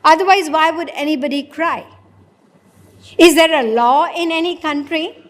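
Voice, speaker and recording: A spiritual preacher delivers a sermon in a high-pitched voice at normal speed, asking the audience questions and answering them herself. Each phrase trails off into a long hall reverb.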